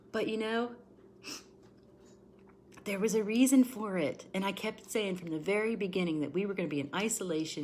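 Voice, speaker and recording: A woman's voice: on the low side, slight background noise. A woman in her forties giving an emotional, repetitive tarot reading on a livestream, greeting viewers by name as she talks. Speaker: tarot reader.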